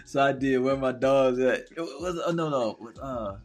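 A man's voice: medium pitch, normal speed, soft background music. A man hosting a casual podcast, chatting in a laid-back way and dropping "man" into his sentences. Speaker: podcast host.

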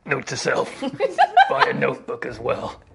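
A man playing in a tabletop role-play, questioning a character in a playful way, laughing often and filling pauses. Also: mid-range voice, huge pitch swings, gravelly, over a noisy crowd. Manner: playful, laughs between lines, trails off with fillers. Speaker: player.

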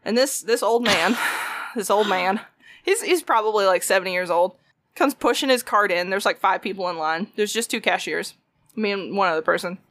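A woman's voice: mid-range voice, normal speed, fairly bright tone. A young woman, telling a story in casual chat, swearing freely and acting out quotes.

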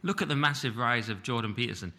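A man talking as a podcast guest, quick and emphatic in his opinions. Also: mid-range voice, pushed and bright. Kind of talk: casual chat.

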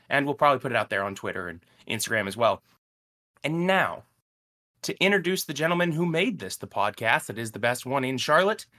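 A man's voice: medium pitch, sharp tone. A man hosting a casual sports podcast, upbeat and teasing in his chat. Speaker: podcast host.

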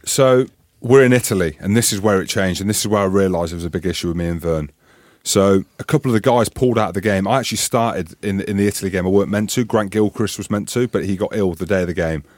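Animated man telling sports stories. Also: low voice, quick pace, no room sound. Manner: animated, swearing, acts out voices in his stories. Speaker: podcast co-host, former rugby player. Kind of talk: casual storytelling chat.

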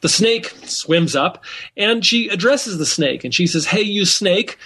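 Male scholar, husky, a bit higher voice, loose and rambling storyteller in an interview. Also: animated, unhurried, sharp tone. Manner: retells stories with many fillers and restarts. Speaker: author and scholar. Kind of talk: podcast interview.

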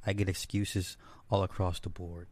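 A man's voice: sits low, flat delivery, moderate pace, a little mellow. A man delivering a ranting solo commentary, blunt and scornful, who swears freely and repeats his points for emphasis.

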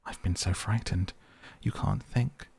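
A man's voice: on the low side, a little slow, gravelly, darkish tone, breathy edge, full character voice. A man voicing a small, timid male mole, feeble and anxious, in a bedtime storybook reading. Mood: frightened.

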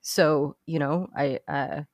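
A woman's voice: deep voice, steady tone, takes it slowly, dry recording, clean studio sound. A woman hosting a podcast, reading a story aloud from notes with comic asides, sometimes stumbling and correcting herself. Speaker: podcast host.

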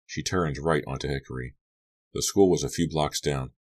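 Speaking at normal speed in an extremely low voice, a man narrates a young adult horror novel for an audiobook. He shifts his voice slightly for the characters' lines.

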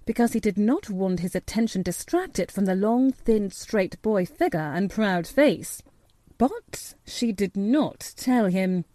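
A woman narrating a storybook in a measured, steady reading voice. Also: mid-range voice, no room sound. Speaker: audiobook narrator.

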